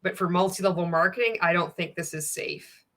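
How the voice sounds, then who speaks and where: A Canadian woman hosts a reaction video, her fairly bright voice on the low side and fairly quick. Her commentary is casual and sarcastic, full of swearing and frequent laughter.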